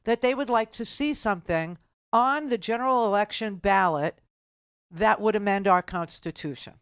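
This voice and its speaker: Older woman talk radio host, sarcastic and indignant, mid-pitched, dry close mic. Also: clean tone, no echo. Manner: indignant, sarcastic, rapid asides. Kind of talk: political talk radio monologue.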